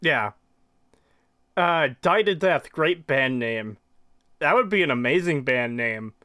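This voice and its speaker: A young man co-hosting a casual commentary podcast, joking and rambling and quick to laugh. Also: a little high, animated, bright, forceful tone. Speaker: podcast co-host.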